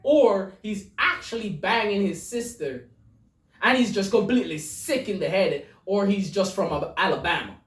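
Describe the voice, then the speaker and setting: A woman's voice: mid-range voice, expressive, normal speed, recorded from a distance. A woman hosting a podcast, commenting crudely on jokes, stammering and laughing, in an echoey room away from the mic. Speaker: podcast host. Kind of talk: casual joke commentary.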